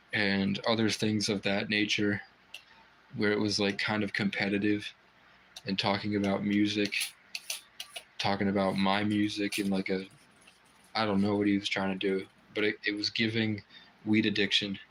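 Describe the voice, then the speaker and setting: A man's voice: on the low side, fairly bright tone, a little hiss or hum, poor audio. A man hosting a casual livestream from a private room indoors, rambling and swearing freely as he chats. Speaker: livestream host.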